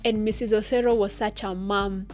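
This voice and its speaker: A young Kenyan woman co-hosting a podcast, telling an animated story and code-switching freely. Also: mid-range voice, moderate pace. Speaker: podcast co-host. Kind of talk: casual chat, storytelling.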